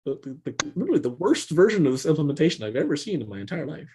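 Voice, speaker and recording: Animated man with a lively voice. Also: fairly quick, breathy edge. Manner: animated storyteller, jumps in pitch for quoted voices; repeats words while thinking. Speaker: podcast co-host. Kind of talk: casual business chat.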